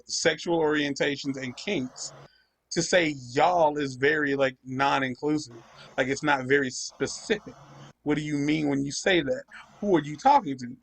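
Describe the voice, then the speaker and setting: Gravelly man ranting over gameplay. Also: fairly high pitch, a bit bright. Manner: profane, ranting storyteller. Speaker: gaming channel host. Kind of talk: casual chat over gameplay.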